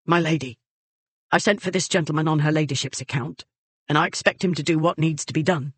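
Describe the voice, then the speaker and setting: A fierce, loyal lady's maid, as a reader puts her on, talking quickly and bluntly with no patience for dawdling. Dry, close audiobook sound. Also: low-pitched, husky, dry recording. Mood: firm. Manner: blunt, brisk and defiant.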